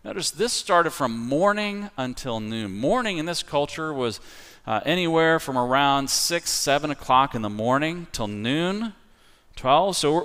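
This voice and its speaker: A man preaching a sermon as pastor. He talks in a conversational, animated way, telling the story with everyday fillers. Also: mid-range voice, smooth. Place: church sanctuary. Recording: long reverb of a large hall.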